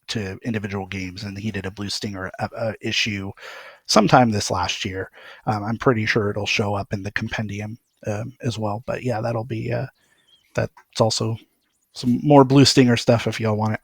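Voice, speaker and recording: A man's voice: lowish voice, no room sound. A man speaking as a podcast guest, rambling and hesitant with lots of fillers. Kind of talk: casual podcast chat.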